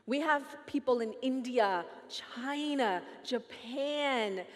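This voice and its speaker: Woman, high voice, lively stage talk, playful, teasing, big hall with long reverb. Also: takes it slowly. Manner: playful, teasing, addresses audience directly. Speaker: featured speaker. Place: large hall with live audience.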